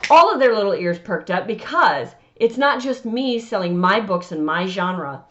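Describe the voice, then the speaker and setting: A woman's voice: mid-range voice, animated, moderate pace, dull audio. A woman author giving chatty, emphatic advice on selling at vendor markets and often acting out conversations. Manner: chatty and emphatic, acts out customer dialogue. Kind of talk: casual advice talk to camera.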